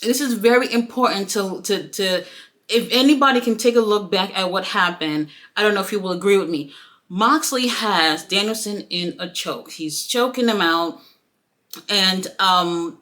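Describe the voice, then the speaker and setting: A woman giving a casual, profane wrestling review, acting out the quotes. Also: medium pitch. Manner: animated, profane, acts out quotes.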